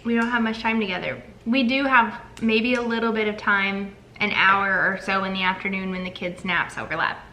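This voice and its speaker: A woman's voice: medium pitch, flat delivery, fairly quick, few pauses, pushed and bright, poor audio. A young woman co-hosting a casual chat, talkative and upbeat. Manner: chatty and upbeat. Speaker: co-host.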